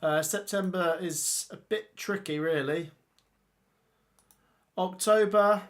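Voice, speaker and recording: A man hosting a casual football livestream, reading viewer comments and reacting with excitable exclamations. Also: high-pitched, slow, pauses often. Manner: chatty, excitable, exclaims often.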